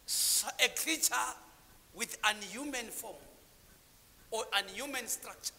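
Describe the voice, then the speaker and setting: A man preaching with a strikingly high, bright voice. He draws call-and-response from the congregation and moves between low murmured asides and shouted lines. The sound rings with the long reverb of a church hall. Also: takes it slowly. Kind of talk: sermon.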